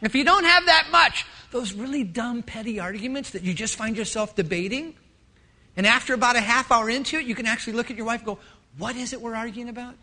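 A middle-aged male pastor preaching a sermon, telling stories and acting out voices in an animated way. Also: extremely high pitch, fast talker. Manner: animated storytelling with acted-out voices.

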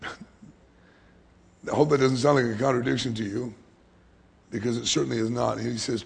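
A man preaching a sermon as pastor, swinging from hushed whispers to loud, emphatic lines. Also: mid-range voice, fairly even intonation, normal speed, vocal fry, pauses often, husky. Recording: long hall reverb.

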